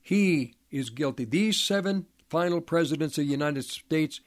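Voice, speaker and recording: A fairly high-pitched man delivers a sermon as a monologue. He halts often, repeating or restarting words, and drives his points home with forceful rhetorical questions.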